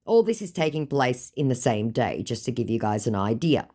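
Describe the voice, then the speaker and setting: A woman's voice: rumbling low, big pitch swings, moderate pace, mellow. A woman with an Australian accent, casually and bluntly telling stories to camera as a scam-baiting vlogger. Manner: sarcastic, blunt, reads chats aloud.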